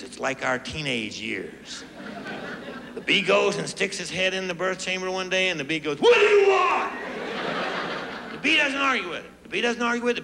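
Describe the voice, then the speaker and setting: A man's voice: high-pitched, creaky. A middle-aged man doing a stand-up comedy routine on a club stage, acting out voices as he tells his stories. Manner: animated, acts out voices. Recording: roomy live club recording with crowd and noise. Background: laughing audience.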